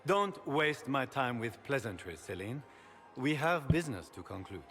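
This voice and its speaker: An arrogant, impatient grand duke in a video game, cutting people off with curt, dismissive lines. His voice swings widely in pitch over loud music. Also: very animated, moderate pace, big-room sound.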